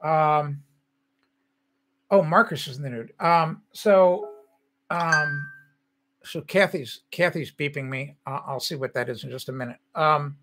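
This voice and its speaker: A man's voice: on the high side, a little slow, long pauses, a bit bright, slight background noise. An older man hosting a casual livestream, chatting loosely and reading out viewer comments as he greets people by name. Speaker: livestream host.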